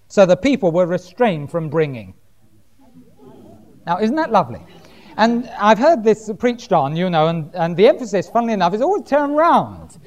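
A man's voice: sits high, sing-song, normal speed. A man preaching a sermon, reading Bible verses aloud and driving points home by repeating key words.

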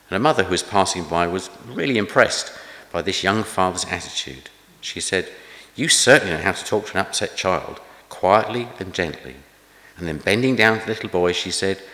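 A man, preaching in a chatty, gently humorous way with anecdotes. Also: deep voice. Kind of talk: conversational sermon with anecdotes. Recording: echoey hall with long reverb.

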